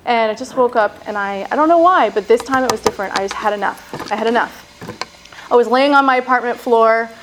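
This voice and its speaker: A woman telling her own recovery story in a candid personal testimony, halting and peppered with "like" and "you know". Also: fairly high pitch, background noise.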